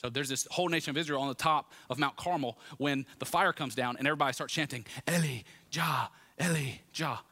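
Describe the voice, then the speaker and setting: A man preaching a sermon in a lively, conversational way with asides to the congregation. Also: medium pitch, fast talker, few pauses. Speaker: pastor.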